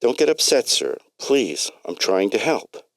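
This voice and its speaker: A man's voice: mid-range voice, big pitch swings, measured pace, no echo, voice pushed up. A man voicing a formal, polite female phone agent in a read-aloud story. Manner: formal, questioning.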